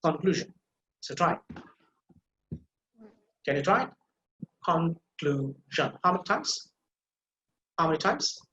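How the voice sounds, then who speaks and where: A man's voice: high-pitched, sing-song, unhurried, pauses often, bright, forceful tone, echoey room. A man teaching English pronunciation in a live online class, patiently repeating words and restarting phrases as he explains, heard over a video call. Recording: slightly muffled video-call audio.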